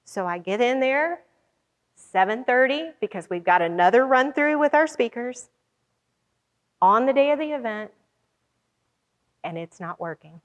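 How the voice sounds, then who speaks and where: A woman's voice: on the high side, a little slow, long pauses, in a large hall. A woman who organizes conferences tells a story about her own work and acts out the lines other people said. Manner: animated, acts out quoted lines. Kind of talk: storytelling talk.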